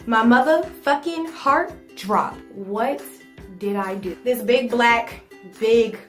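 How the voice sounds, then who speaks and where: A young woman telling a personal story for her vlog, animated and swearing freely. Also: on the high side. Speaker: vlogger. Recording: roomy echo, faint music.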